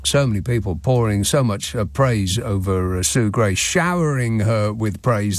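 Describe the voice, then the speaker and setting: A man's voice: medium pitch, expressive, a little slow. A man hosting a late-night radio phone-in, talking in a dry, sardonic, mock-indignant way.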